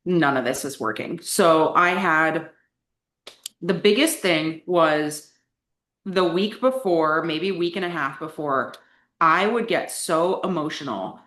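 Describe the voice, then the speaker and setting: In an echoey room, a coaching client in her young adult years talks frankly and chattily about her life during a relaxed interview. She keeps saying "like," and her voice is low-pitched, slow and a touch bright.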